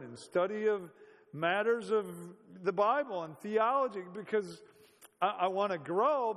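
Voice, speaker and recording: A man's voice: high voice, long reverb tail. A man preaching a sermon in a conversational, storytelling way, full of rhetorical questions.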